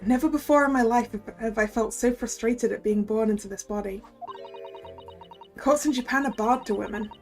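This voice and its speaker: A woman's voice: fairly high pitch, moderate pace, soft background music, natural voice. A woman voicing a loyal young female assistant in a video game, speaking in an earnest, polite and composed way. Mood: resolute.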